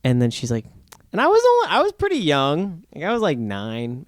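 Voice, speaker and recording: A young man chatting casually as a podcast co-host, animated and quick to laugh, asking lots of questions. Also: fairly high pitch. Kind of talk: casual chat.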